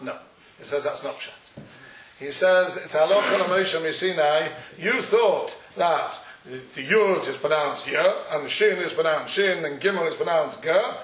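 A man's voice: on the high side, unhurried, fairly bright tone. Echoey man giving a Talmudic lecture. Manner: questioning, argumentative study-hall cadence. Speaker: Torah teacher. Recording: echoey room, far from the mic.

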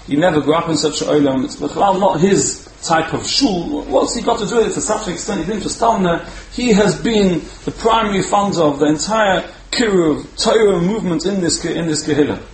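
A man giving a storytelling sermon as a Torah speaker, animated and repeating words for emphasis. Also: high voice, fairly quick, hardly any pauses. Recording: roomy echo, faint background hum.

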